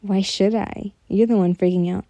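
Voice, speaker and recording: A woman voicing a cocky young male fighter who mocks calmly, in a whispered role-play. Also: mid-range voice, normal speed, dry recording, natural voice. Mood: smug teasing. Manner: mocking, calm and smug.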